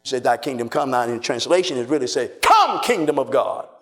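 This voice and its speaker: A man preaching a sermon, emphatic and repetitive, often shouting and calling on the congregation to respond. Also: medium pitch, big pitch swings, a little fast, hardly any pauses.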